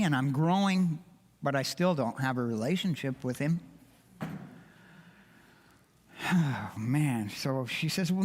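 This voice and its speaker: Earnest older man in a reverberant church. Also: fairly high pitch. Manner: earnest, heartfelt, emotional. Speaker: church member giving a testimony. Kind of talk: personal testimony to a congregation. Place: church sanctuary. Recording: long reverb of a church hall.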